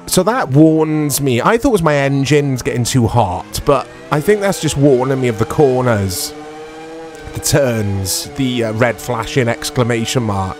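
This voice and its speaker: Casual guy, middle-pitched, self-mocking game commentary over music. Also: animated, a little slow. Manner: rambling, self-deprecating, full of tag questions. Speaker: retro game reviewer. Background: background music.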